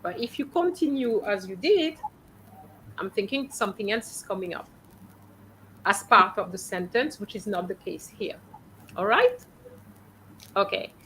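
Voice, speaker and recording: A woman teaching French, patiently correcting students' pronunciation and often checking with a quick "okay?". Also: mid-range voice, expressive, fairly bright tone, slight background noise, rough recording. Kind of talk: coaching students on reading aloud.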